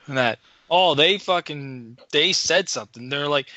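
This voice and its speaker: A man's voice: fairly high pitch, normal speed, hardly any pauses, sharp tone, no room sound. A man co-hosting a podcast, telling a story in a casual, profane, worked-up way. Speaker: podcast co-host.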